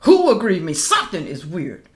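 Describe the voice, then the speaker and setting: A middle-aged woman giving casual reaction commentary, reading news aloud and calling out to viewers as y'all, rising to loud emphatic questions. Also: on the low side, wildly swooping pitch, fairly quick. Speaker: political commentary vlogger.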